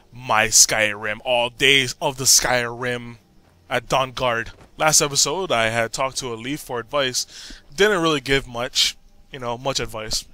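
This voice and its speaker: A man giving jokey, excitable commentary while playing a video game, often talking back to the characters. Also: medium pitch, no echo. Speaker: gameplay commentator. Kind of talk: joking gameplay commentary.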